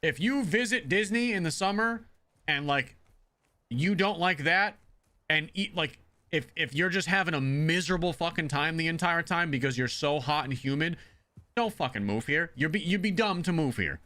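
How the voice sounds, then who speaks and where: Guy from the northeast streaming games, talks blunt and cusses constantly, kinda rambly, sharp bright tone. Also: on the high side, lively intonation, moderate pace. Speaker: game streamer. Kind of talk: casual chat while streaming.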